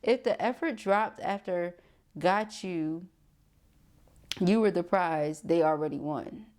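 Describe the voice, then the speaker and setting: Sassy, blunt woman with a low voice. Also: slow pace, darkish tone. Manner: sassy, blunt and slangy, often laughing. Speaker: tarot reader and spiritual coach. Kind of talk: casual chat to viewers.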